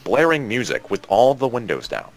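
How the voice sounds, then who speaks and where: A young man casually telling a work story to friends over voice chat, animated and acting out the people he quotes. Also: mid-range voice, moderate pace, slight background noise. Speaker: storyteller among gaming friends.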